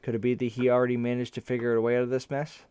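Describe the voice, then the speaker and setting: A man's voice: medium pitch, completely flat delivery, very fast, dark tone, clear, resonant tone. A man reading an interactive fantasy story aloud in the first person, narrating events and his character's nervous thoughts.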